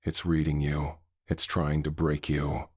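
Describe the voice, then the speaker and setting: Tense male ranger, read by a narrator, deep, flat and slow. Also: slightly rough, dry recording, studio quality, heavily acted.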